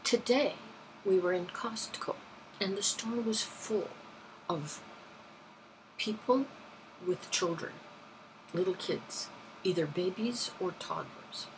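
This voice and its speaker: This London-born woman vlogger has a medium-pitched voice and speaks slowly, pausing often. Background noise surrounds her casual, rambling anecdotes about everyday life, which she keeps correcting mid-story.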